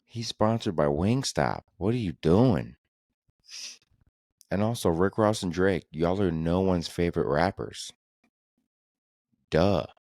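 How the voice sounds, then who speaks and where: A young man with a very low, deep voice rants his way through a casual comedy podcast. He talks in loose, profane, exasperated bursts. The sound is close and dry, with no room around it. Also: lively intonation, slow pace, pauses often, darkish tone, no echo. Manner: rambling, profane, exasperated ranting. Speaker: podcast host.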